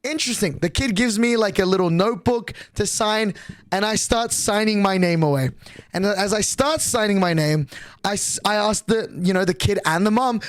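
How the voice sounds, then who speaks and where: A young man streaming, telling a long story in an excitable, profane way and acting out the other people's lines. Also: sits high, moderate pace, no echo. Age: young adult.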